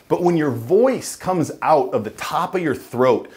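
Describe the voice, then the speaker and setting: A man coaching viewers to camera, speaking emphatically and dropping into a low chest voice to demonstrate. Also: animated, unhurried, hardly any pauses, darkish tone, faint music behind. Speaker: dating and voice coach. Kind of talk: instructional talk to camera.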